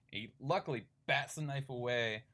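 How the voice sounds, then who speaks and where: A man's voice: mid-range voice, normal speed, a bit bright. A man co-hosting a podcast, rambling through a casual comic book recap with lots of fillers. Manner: rambling retelling with fillers and laughs. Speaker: podcast co-host.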